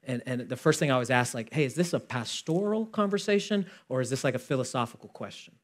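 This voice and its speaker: Preaching as a pastor, this man keeps things animated and chatty, playing out both parts of an exchange and moving from forceful, loud points to hushed remarks. His voice is medium in pitch and his delivery is fast.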